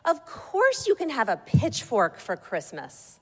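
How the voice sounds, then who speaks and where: A woman's voice: medium pitch, unhurried, in a large hall. A woman voicing a surly, grudging shopping mall Santa in a story read aloud. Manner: grudging, flat delivery.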